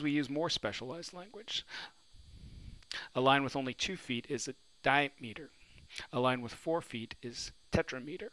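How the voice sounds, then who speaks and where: A man's voice: mid-range voice, fairly bright tone, rough recording. A man teaching a recorded lesson on poetry, asking his students questions and answering them himself. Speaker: literature teacher. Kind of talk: recorded lecture. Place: New Orleans.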